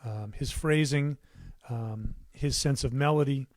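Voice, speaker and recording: A man's voice: mid-range voice, unhurried, no echo. Man chatting loosely on a studio livestream. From United States. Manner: rambling, warm asides, many fillers and restarts. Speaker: musician hosting his own livestream. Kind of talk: casual livestream chat. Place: his home recording studio.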